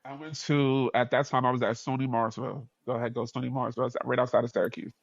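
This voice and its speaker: A man with a New York accent, a podcast guest telling a story in a slangy, animated way with frequent laughs. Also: medium pitch, racing, creaky, no echo, lo-fi sound.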